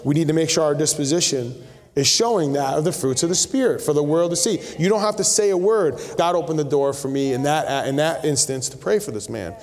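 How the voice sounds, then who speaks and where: A man's voice: on the high side, darkish tone. A middle-aged male pastor preaching a sermon in a conversational way, mixing teaching with storytelling asides. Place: church sanctuary. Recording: long reverb of a church hall.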